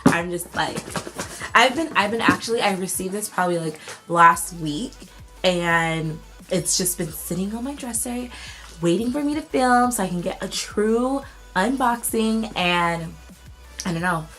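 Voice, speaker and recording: An excitable woman YouTuber talks her way through a gift unboxing at home. Her voice sits at an ordinary middle pitch, and her chat is loose and full of slang. Soft music plays faintly underneath. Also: a little slow, rough recording. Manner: bubbly and excitable, casual slang. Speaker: beauty YouTuber. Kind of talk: casual unboxing vlog.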